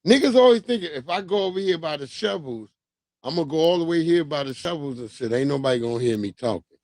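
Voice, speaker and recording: A man hosting a livestream, chatting casually with animated, profane storytelling and laughs. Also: a little high, fast, no echo. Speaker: livestream host. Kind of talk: casual commentary.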